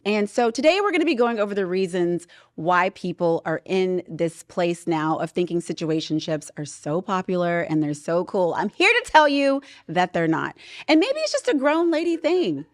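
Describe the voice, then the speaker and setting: A woman in her thirties hosting a podcast, chatting with animated, sassy storytelling in a studio. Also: fairly low pitch, normal speed, hardly any pauses, no room sound. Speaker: podcast host. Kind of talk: casual chat.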